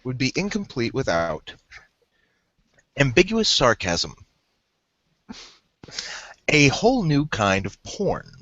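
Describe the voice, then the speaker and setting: A man's voice: medium pitch, wildly swooping pitch, takes it slowly, pauses often, fairly bright tone, dry recording, lo-fi sound. A man co-hosting a casual podcast over an online card game, joking, laughing often and rambling with restarts. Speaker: podcast co-host.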